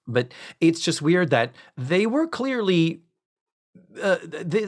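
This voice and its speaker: A man's voice: medium pitch, measured pace. A man co-hosting a podcast, casually recapping a sitcom episode and acting out the characters' lines with sarcasm. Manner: animated storyteller, acts out quoted lines with sarcasm.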